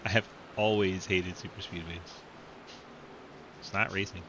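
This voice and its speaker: A fairly low-pitched man gives relaxed play-by-play for an online racing broadcast. He jokes between calls and laughs often. His voice sits over a steady layer of background noise. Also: unhurried. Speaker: race commentator. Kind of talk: sim racing play-by-play commentary.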